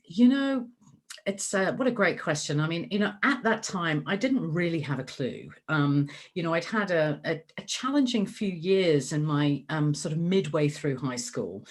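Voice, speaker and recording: A middle-aged woman with a low-pitched voice, talking as the guest in a relaxed interview. She is chatty and circles back with fillers and restarts. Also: normal speed. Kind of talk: conversational interview.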